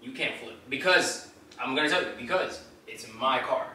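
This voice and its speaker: A man's voice: medium pitch, normal speed, sharp tone, slight background noise. A young man insisting on his side and repeating himself in a casual argument with his girlfriend. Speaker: vlogger pulling a prank on his girlfriend. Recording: echoey room, voice from a distance.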